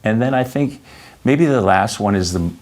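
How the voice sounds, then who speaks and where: A man answering an interviewer's questions in a halting way, with many fillers and restarts, often telling personal stories. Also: on the low side, expressive, a little mellow. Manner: anecdotal storyteller. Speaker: interview guest.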